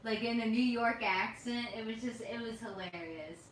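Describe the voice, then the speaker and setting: A woman's voice: on the high side, moderate pace, slight background noise. A woman hosting a casual livestream dinner chat, rambling and giggly, with lots of fillers. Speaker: livestream host. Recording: roomy, echoey sound from a distant mic.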